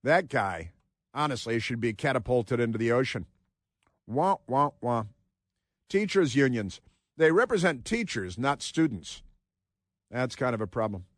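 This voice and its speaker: A man's voice: medium pitch, very animated, moderate pace, no room sound, clean studio sound. A man hosting a talk radio show, delivering an opinionated monologue with combative, sarcastic asides.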